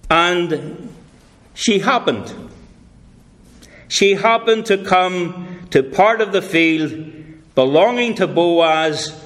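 A man delivers a sermon in an unhurried, deliberate cadence. His voice sits a little high for a man. He leans on repetition and breaks into light, humorous asides. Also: a bit bright. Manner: slow, deliberate preaching with repeated phrases; drops into playful British voices for illustrations. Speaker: preacher.

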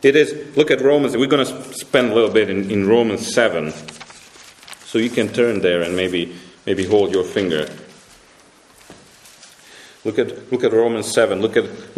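A man preaching a sermon as pastor, emphatic and repetitive, climbing up in pitch when he presses a point and dropping quiet for grave lines. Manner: emphatic, repeats words and restarts, rises sharply when stressing a point. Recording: roomy echo.

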